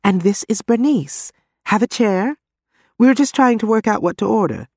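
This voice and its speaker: Guy putting on a chirpy apologetic lady, high voice, dry sound. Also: animated, moderate pace, gravelly, dry recording, heavily acted. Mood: eager. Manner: bright, apologetic. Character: friendly eager woman, apologetic.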